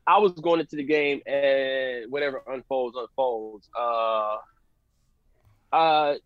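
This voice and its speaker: A man guesting on a podcast, telling animated, slangy stories in casual chat. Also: medium pitch, takes it slowly, dry recording, muffled recording. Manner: animated storyteller, slangy, says "you know what I'm saying" a lot.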